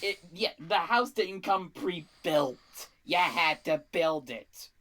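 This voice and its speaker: Low-voiced, animated explaining woman. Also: takes it slowly. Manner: animated explaining, like a sales pitch. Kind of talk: casual chat.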